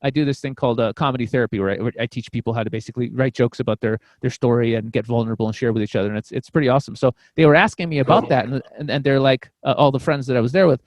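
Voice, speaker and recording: A man's voice: medium pitch, racing, few pauses, dry recording. A man guesting on a podcast, telling a personal story in a casual, rambling way, swearing freely and restarting his sentences often. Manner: rambling, profane, frequent restarts.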